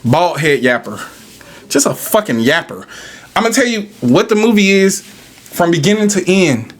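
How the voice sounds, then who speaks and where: A man rants on his podcast in a fairly high voice. He is animated and profane, firing rhetorical questions and answering them himself. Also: a little slow. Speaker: podcast host. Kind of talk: casual podcast rant.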